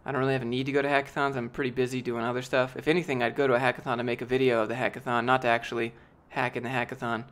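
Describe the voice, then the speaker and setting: A man's voice: medium pitch, little pitch movement, rapid-fire, few pauses, fairly bright tone. A young man chatting casually on a live stream, answering chat with rambling, jokey, profane talk.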